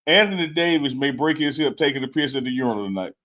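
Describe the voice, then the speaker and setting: A man's voice: medium pitch, animated, fast talker, fairly bright tone. A man co-hosting a live sports talk stream, teasing his partner and repeating his points for emphasis. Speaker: co-host. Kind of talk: casual sports debate. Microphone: live stream setup.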